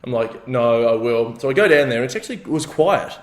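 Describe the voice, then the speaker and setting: An Australian man co-hosting a comedy podcast, laid-back and quick with dry quips. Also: medium pitch, expressive, reverberant. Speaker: podcast co-host. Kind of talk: casual comedic chat.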